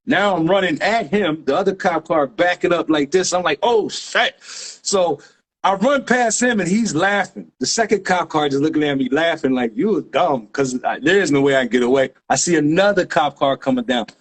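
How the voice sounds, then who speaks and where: Man, higher-pitched, animated storyteller, street slang, sound effects. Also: moderate pace. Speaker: graffiti writer guest.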